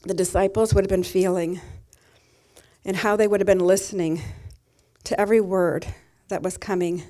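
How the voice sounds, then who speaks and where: A woman's voice: medium pitch, fairly even intonation, normal speed, warm tone. A middle-aged woman pastor giving a sermon, telling a personal story in a tender, emotional way.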